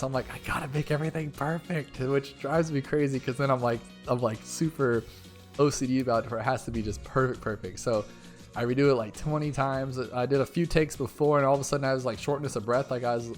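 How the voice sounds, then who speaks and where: A man talking over his own gameplay in a chatty, overexcited way, rambling from one thought to the next. His voice sits at an ordinary middle pitch, with faint game music underneath. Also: fast. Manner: excitable, rambling, talkative. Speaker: gaming YouTuber.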